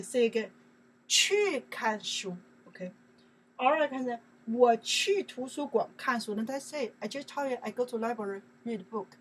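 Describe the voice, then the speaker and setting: Slow, patient Chinese-accented teacher woman. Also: a little high, husky, low-quality recording. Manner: slow, repetitive explaining in simple English, asking "okay?". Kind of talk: online language lesson.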